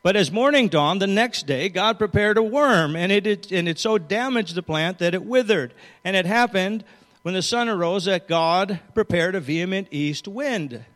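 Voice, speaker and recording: Male preacher, high voice, storytelling sermon delivery, long hall reverb. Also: animated, moderate pace, fairly bright tone. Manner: storytelling, reading scripture aloud with changing emphasis.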